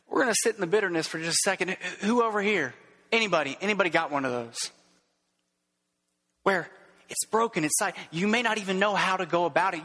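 A man's voice: high voice, pushed and bright, in a large hall. A male pastor preaching a sermon, fervent and emphatic, asking rhetorical questions and repeating words.

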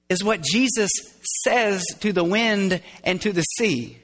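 A man preaching a sermon, explaining scripture in an animated way and dropping to hushed tones as he acts out quoted lines. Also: high-pitched, measured pace, hardly any pauses, big-room sound. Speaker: pastor.

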